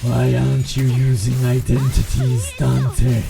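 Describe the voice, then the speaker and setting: Speaking slowly in a mid-range, monotone, gravelly voice with music behind him, a man with a Cornish accent from Cornwall, England, chats casually as he streams a game. He laughs frequently and sings fragments of sea shanties.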